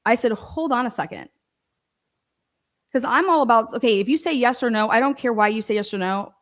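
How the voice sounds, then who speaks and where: Woman host going off about a court ruling, swears a lot, fed up, kinda high voice. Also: a little fast. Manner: exasperated, profane, ranting; animated, rising into outbursts of disbelief. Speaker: show host and legal commentator. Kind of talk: heated commentary on a court ruling.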